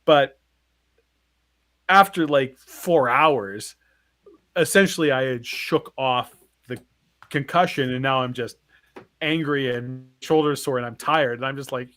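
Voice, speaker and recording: Animated man telling a story, dry sound. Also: medium pitch, moderate pace, no echo. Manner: animated, acts out quoted voices, swears. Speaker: podcast co-host. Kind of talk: casual storytelling chat.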